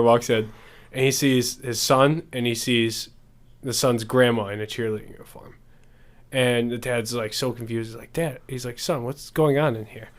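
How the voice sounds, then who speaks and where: Young man telling jokes, laughing. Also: medium pitch. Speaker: podcast co-host. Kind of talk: casual chat, telling jokes.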